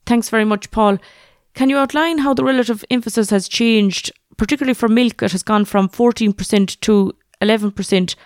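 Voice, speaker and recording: A woman hosting a podcast interview, putting brisk prepared questions to her guests. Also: a little high, no echo, studio quality. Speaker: podcast host.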